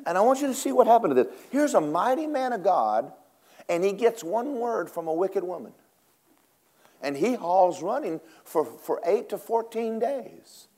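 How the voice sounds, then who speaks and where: Man, preaching a sermon, very lively pitch, dramatic swings between hushed and loud. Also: a little slow. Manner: animated, dramatic swings from low murmurs to high acted cries.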